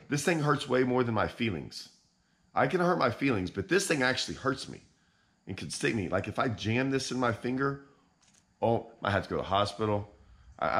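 A man hosting a fishing channel, ranting in deadpan, mock-outraged irony and repeating himself. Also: medium pitch. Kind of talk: sarcastic vlog rant.

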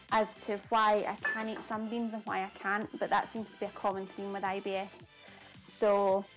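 A Scottish woman chatting casually on a live cooking stream, laughing often and answering viewers' comments from her kitchen. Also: mid-range voice. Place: home kitchen.

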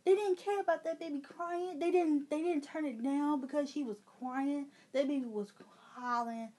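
A woman's voice: high voice, moderate pace. Indignant Chicago woman venting. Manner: animated, indignant, rambling with fillers. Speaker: gaming vlogger. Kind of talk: casual venting rant.

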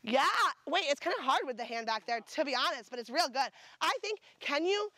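A woman's voice: high-pitched, expressive, fairly quick, fairly bright tone, dry recording. A woman directing a photo shoot, bubbly and gushing with enthusiastic praise as she calls out poses. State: sucking on a throat lozenge.

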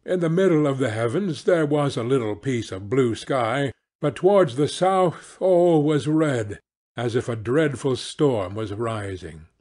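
A male storyteller narrating a fairy tale for English learners in a slow, dramatic way. His voice is a bit breathy and husky, and his pitch moves a lot from line to line. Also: lively intonation, a little mellow.

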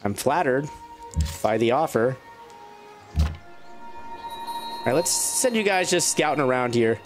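A man giving casual, chatty commentary on his gameplay. He talks straight to the game's units and jumps up in pitch when he gets excited. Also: slow pace, music in the background. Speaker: let's play gamer.

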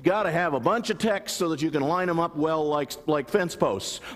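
A man's voice: on the high side, normal speed, in a large hall, a little hiss or hum. A man preaching a sermon as pastor, often asking the congregation rhetorical questions. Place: large church sanctuary.

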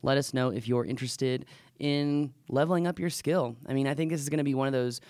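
A man's voice: medium pitch, fairly even intonation, fairly quick, a little mellow, no room sound, studio quality. A man co-hosting a casual podcast, rambling a little with fillers as he talks. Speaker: podcast co-host.

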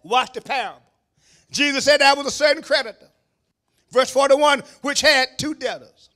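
A man preaching a sermon as pastor, shouting at the peaks and dropping into low asides to the congregation, calling on them to answer. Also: moderate pace. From Kentucky, USA. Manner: call-and-response preaching, calls on the congregation. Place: church sanctuary.

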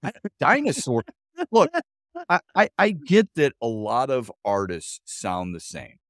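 A man's voice: mid-range voice, huge pitch swings, unhurried, dry recording, studio quality. Easygoing man co-hosting sports talk. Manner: easygoing, conversational, repeats words when starting. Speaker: co-host of sports talk show. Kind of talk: casual sports radio chat.

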